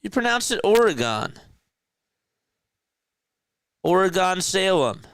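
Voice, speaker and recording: A man with a South Jersey accent calling a basketball game as a casual live-stream play-by-play commentator, chatty and quick to correct himself. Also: fairly high pitch, fairly bright tone, clean tone, dry recording. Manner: chatty, laughs easily, corrects himself mid-call.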